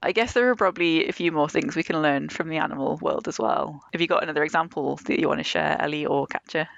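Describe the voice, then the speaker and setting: A woman's voice: low voice, quick pace, creaky, no echo, muffled recording. A woman hosting a casual panel chat, inquisitive and steering the discussion with questions. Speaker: podcast host.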